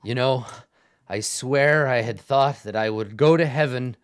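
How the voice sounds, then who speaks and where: A man's voice: mid-range voice, a little slow, natural voice. A man doing a grumpy sarcastic dwarf soldier. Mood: grumbling. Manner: gruff, weary, sighing, sarcastic. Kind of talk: tabletop role-play voicing.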